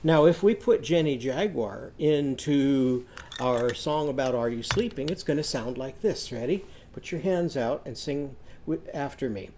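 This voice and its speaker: A man's voice: mid-range voice, unhurried, a little mellow, a little hiss or hum. A man teaching a children's literacy lesson, patiently talking students through hand gestures.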